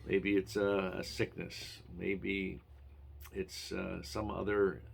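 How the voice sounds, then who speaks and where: A male preacher delivers a short devotional in an earnest, encouraging tone. His voice sits low and has a gravelly rasp. He now and then pauses on an "uh" as he talks. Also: flat delivery, slight background noise. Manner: earnest, encouraging, with some hesitations. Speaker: pastor. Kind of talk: devotional radio message.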